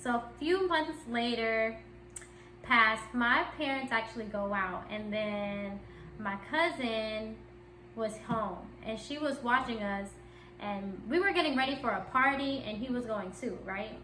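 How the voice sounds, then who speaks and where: A woman's voice: fairly high pitch, unhurried, sharp tone, a little hiss or hum. A young woman vlogger telling a candid personal story in a chatty, giggly way. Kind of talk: casual storytime chat. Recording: echoey room.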